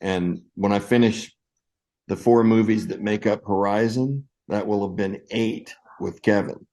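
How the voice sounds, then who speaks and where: A man in his sixties, an actor telling lively anecdotes in a casual interview and acting out the voices of the people he quotes. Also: fairly low pitch, unhurried, poor audio. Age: 60s. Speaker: actor guest.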